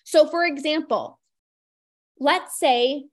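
A woman's voice: high-pitched, slow. A young woman hosting a solo podcast, talking casually with lots of "like" and acting out little inner voices. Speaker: podcast host.

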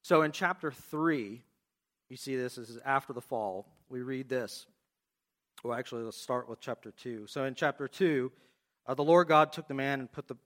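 A man preaching a sermon, reading scripture aloud and asking the congregation questions in an expressive way. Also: mid-range voice. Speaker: pastor.

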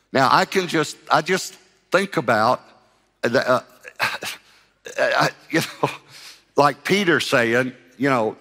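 A male pastor delivering a sermon with a bright, forceful voice. He tells the story in an animated way, acting out the voices and laughing along. His words ring out with a long hall reverb behind them. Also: medium pitch, normal speed.

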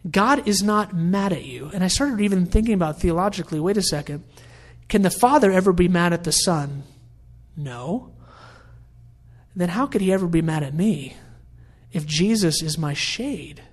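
A man's voice: sits high, normal speed. A middle-aged man preaching a sermon in a conversational, storytelling way. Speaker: pastor.

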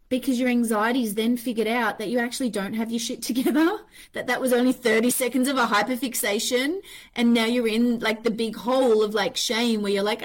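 A woman hosting a podcast in a candid, casual monologue, swearing freely and acting out her own inner voices. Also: on the high side. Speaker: podcast host.

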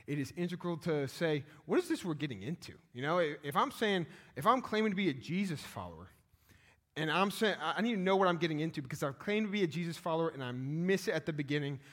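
Guy preaching a sermon, kinda high voice, lots of ums, big echoey church hall. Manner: conversational, with fillers and restarts. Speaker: pastor. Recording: long reverb of a church hall.

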